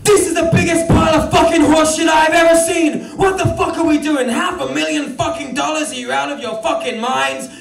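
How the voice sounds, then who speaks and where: Furious yankee label boss, screaming and cussing, way up high, echoey room. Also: male voice, lively intonation, normal speed, hardly any pauses, distant mic, music in the background. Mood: raging. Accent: put-on American. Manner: shouting, swearing rants. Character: angry, foul-mouthed American male record executive boss.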